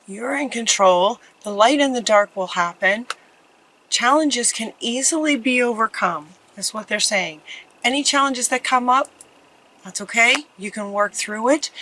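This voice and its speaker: A woman gives a tarot card reading to her viewers, taking her time and wandering through her thoughts in a slow, earnest way. Her voice is bright and clear, with a middle pitch. At times she drops to a soft, heartfelt hush. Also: rough recording. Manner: slow, meandering and earnest, with soft sighs and laughs. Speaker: tarot reader. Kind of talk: spiritual tarot reading to camera.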